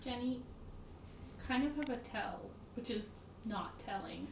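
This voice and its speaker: Quick giggly woman on a distant roomy mic. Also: a little high, creaky, noisy background. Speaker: player. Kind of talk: casual tabletop role-play.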